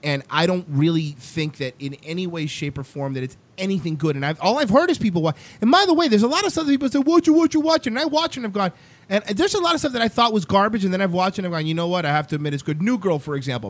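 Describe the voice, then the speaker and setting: A man's voice: high-pitched, lively intonation, rapid-fire. A young adult man hosting a casual talk show, ranting emphatically and swearing often. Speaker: show host.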